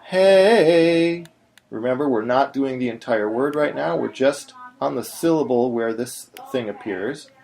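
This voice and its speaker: A man's voice: medium pitch, moderate pace, vocal fry, hardly any pauses, darkish tone. A man teaching in a patient, explanatory way, now and then breaking into short sung syllables. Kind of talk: screen-recorded tutorial.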